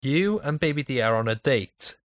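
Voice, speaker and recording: A man's voice: mid-range voice, animated, normal speed, no room sound. A Welsh man hosting a podcast in casual banter, playful and teasing, on a professional mic. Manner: playful, teasing, sets up bits. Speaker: podcast host. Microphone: professional microphone.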